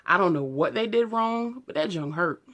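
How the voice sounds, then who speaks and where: A woman in her thirties talks straight to her viewers, candid and animated. Her voice sits low and full. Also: normal speed. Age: 30s. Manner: candid, animated retelling, heated when quoting herself. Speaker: beauty vlogger. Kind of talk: casual storytelling to camera.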